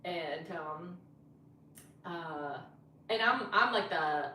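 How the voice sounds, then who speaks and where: A woman's voice: lowish voice, drawn-out words, distant mic, slight background noise. Chatty woman comedian, echoey room. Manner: chatty, animated retelling with lots of fillers. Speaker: comedian podcast host. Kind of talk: casual storytelling chat.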